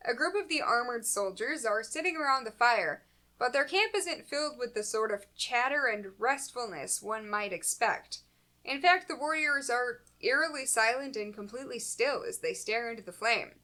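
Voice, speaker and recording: Bright sarcastic woman recapping comics. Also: on the high side, expressive, normal speed. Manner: dry, sarcastic asides, laughs often. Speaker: podcast co-host recapping comics. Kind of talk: casual comedic recap, reads summary then riffs.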